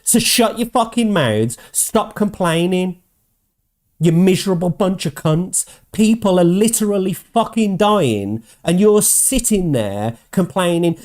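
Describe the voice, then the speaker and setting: A man hosting his own show, ranting angrily with constant swearing and mocking quotes in a higher voice. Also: expressive, measured pace, a little mellow. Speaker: host. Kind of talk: ranting commentary.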